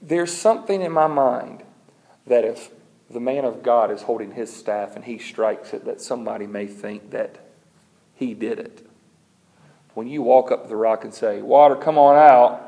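A man preaching a sermon, telling a scripture story with humor and animated delivery and reading verses aloud. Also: medium pitch, normal speed. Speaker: pastor.

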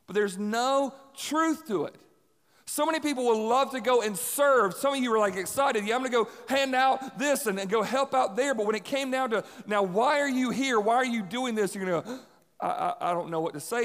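A young adult man preaching a sermon in a casual, energetic way, repeating key lines for emphasis. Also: high-pitched. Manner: energetic, conversational, emphatic repetition. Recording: long hall reverb.

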